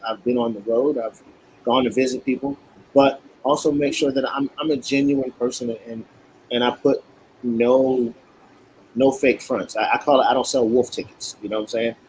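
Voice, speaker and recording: A man's voice: medium pitch, moderate pace, slight background noise, poor audio. A man who makes cigars, a guest telling stories in casual talk and acting out what others said. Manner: animated, acts out quotes. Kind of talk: casual storytelling.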